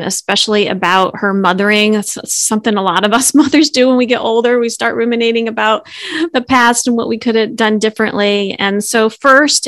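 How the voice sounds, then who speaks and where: Middle-aged woman coach, gentle and earnest, mid pitch, dry close mic. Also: no room sound. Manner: gentle, earnest, laughs lightly. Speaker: stress and mindfulness coach, podcast host. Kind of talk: conversational explanation.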